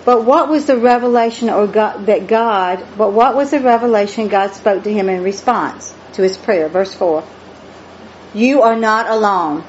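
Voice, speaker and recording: A woman's voice: mid-range voice, moderate pace, hardly any pauses, a little mellow. A woman preaching a Bible study sermon, emphatic and drawn out, questioning her listeners and exclaiming praise. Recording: dull lo-fi recording with faint noise.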